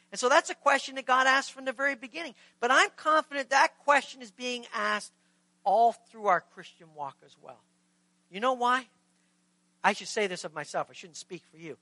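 A man's voice: extremely high pitch, pushed and bright, no echo, rough recording. A man preaching a sermon, earnest, now and then acting out short quoted exchanges. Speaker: pastor.

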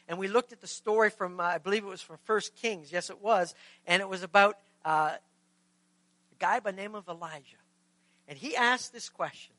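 A man's voice: high voice, bright, forceful tone, dry recording, rough recording. A man preaching a sermon, earnest, now and then acting out short quoted exchanges. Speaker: pastor.

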